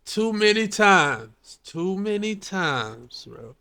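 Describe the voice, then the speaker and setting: A man hosts a relaxed chat, speaking slowly. His pitch rises and falls a great deal as he reacts and gives advice in drawn-out slang. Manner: slow laid-back reactions, drawn-out slang. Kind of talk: casual chat.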